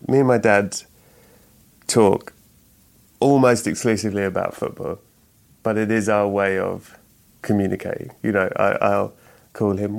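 A middle-aged man, an actor and writer appearing as a guest, chats in a relaxed interview. His voice sits on the low side with a steady, creaky tone and a measured pace, and he pauses often. He rambles, corrects himself, restarts, and chuckles frequently.

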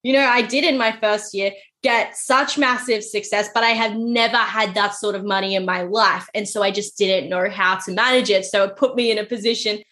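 Woman podcast host, chatty, lots of "sort of", bright clear tone, mid pitch. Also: fairly even intonation, moderate pace, few pauses. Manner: chatty, hedging, fills with "sort of" and "you know". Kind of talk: casual podcast interview.

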